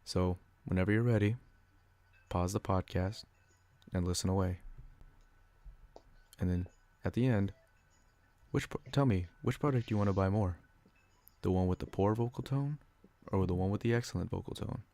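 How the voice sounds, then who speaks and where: A young man reading a scripted educational podcast, a little flat as he reads from prepared notes. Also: sits low, normal speed, pauses often. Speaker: student podcaster.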